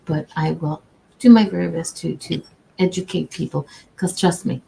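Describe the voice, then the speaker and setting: Speaking at a moderate pace in a lowish, creaky voice, this woman comes through a rough recording with some faint background noise. She works in customer service and offers laid-back livestream advice via her own camera, warm and folksy, chatting away and restarting sentences often.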